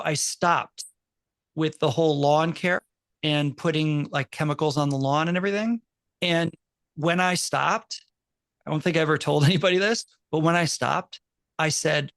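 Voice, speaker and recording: A man, a university professor, speaking in casual conversation as an animated storyteller, full of quick asides and restarts. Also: a little high, no room sound. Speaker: university professor and podcast co-host.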